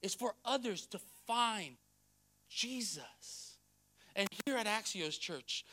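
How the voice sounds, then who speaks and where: A man pastor delivering a sermon in church, blunt and emphatic, swinging between soft passages and loud ones. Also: sits high, animated, slow. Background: faint music.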